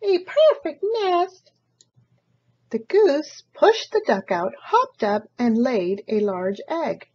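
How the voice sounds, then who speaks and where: A woman reads a children's picture book aloud, slow and full of lively pitch swings. Her voice is mellow and a little husky. The recording sounds dull and lo-fi. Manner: expressive, slow storytelling. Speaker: storybook reader. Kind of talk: children's story read-aloud.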